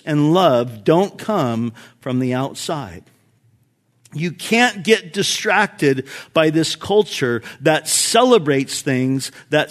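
Middle aged pastor guy preaching, pretty high voice, gets loud then drops way down. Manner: expository preaching, rises and drops in volume for emphasis. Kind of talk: sermon.

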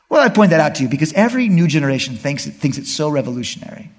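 A male pastor preaching a sermon to a congregation in an animated way, acting out the people and God as he goes. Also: fairly high pitch, brisk, big-room sound.

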